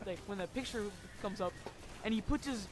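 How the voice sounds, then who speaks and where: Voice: mid-range voice, fairly quick, noisy background. A casual storyteller recounting a story over gameplay, rambling with lots of fillers and casual swearing.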